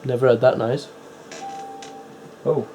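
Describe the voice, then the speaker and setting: A man's voice: mid-range voice, fairly even intonation, slow, mellow, slight background noise. A man giving casual running commentary while setting up and playing old PC games, with wry, chatty asides. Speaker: retro PC builder and player.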